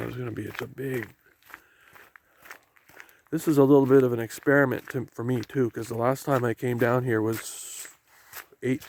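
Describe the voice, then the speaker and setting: Heading down a wet forest path to the ocean, a man from Canada films a casual walking vlog, chatting to the camera and rambling about his surroundings. His voice is mid-range, creaky, and a little mellow, while rain and waves sound faintly in the background.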